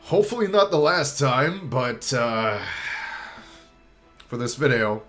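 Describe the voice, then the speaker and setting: A young man giving a heartfelt farewell to his viewers, choked up and halting, pausing and restarting, with casual swearing. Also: medium pitch, expressive, fairly bright tone, faint music behind. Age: young adult. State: choked up, near tears. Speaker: YouTuber.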